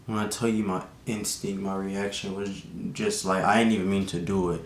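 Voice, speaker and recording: A young man telling a casual storytime vlog, slangy and animated, with lots of fillers. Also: moderate pace. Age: young adult. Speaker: vlogger. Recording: echoey room with faint rumble.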